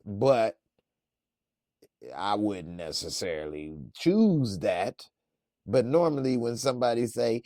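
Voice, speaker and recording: A man casually reacting to a TV episode in slangy, laid-back talk with lots of laughter and animated retelling. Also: on the low side, slow, long pauses, no room sound, studio quality. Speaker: reviewer.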